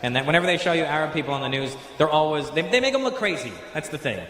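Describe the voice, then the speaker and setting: A man doing stand-up, working the crowd loudly with a punchy, teasing delivery. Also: fairly high pitch, lively intonation, very fast. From Canada. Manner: loud, teasing, punchy delivery with comic voices. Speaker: stand-up comedian. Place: large theater stage. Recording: echoey live venue with loud crowd noise.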